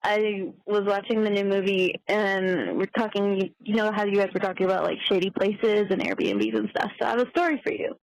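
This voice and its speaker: A woman's voice: mid-range voice, steady tone, fairly quick, hardly any pauses, dry recording, poor audio. A young woman leaving a chatty, swearing voicemail story as a caller.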